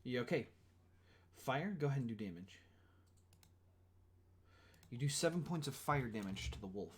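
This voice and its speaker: A man's voice: mid-range voice, animated, normal speed, long pauses, slightly rough. A man running a tabletop game as game master, casual and apologetic, with many fillers.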